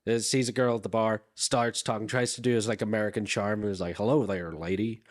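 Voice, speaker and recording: A man's voice: fairly low pitch, steady tone. A young man, a co-host in casual chat, riffing on story ideas and chiming in with "aye". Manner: chatty, quick to agree with "aye".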